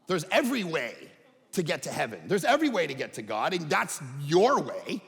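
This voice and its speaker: A man preaching a sermon as pastor, animated, swinging between loud emphatic bursts and low quiet asides. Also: moderate pace, creaky. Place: church sanctuary. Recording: church hall reverb.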